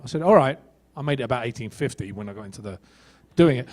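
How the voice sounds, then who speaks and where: A man's voice: medium pitch, fast. A middle-aged man, an actor on a convention panel, telling stories and acting out quoted dialogue. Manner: animated storyteller who acts out quoted dialogue.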